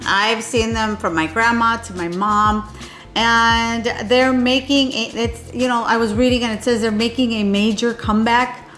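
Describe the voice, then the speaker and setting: A woman's voice: a little high, fairly even intonation, a little slow, a bit bright, faint music behind. A middle-aged woman telling a rambling story in a chatty vlog, with many restarts. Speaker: fashion vlogger. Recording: roomy echo.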